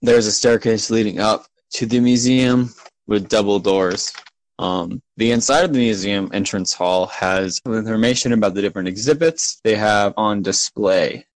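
Low-voiced man narrating a tabletop game. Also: normal speed, rough recording. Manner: relaxed, filler-heavy narration. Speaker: game master.

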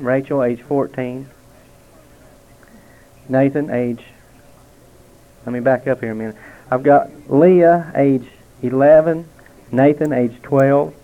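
Man preaching in a tinny recording. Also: medium pitch. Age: 40s. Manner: dramatic, slows and drops to near quiet for emphasis. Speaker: preacher giving testimony. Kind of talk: sermon testimony. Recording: tinny phone-like sound.

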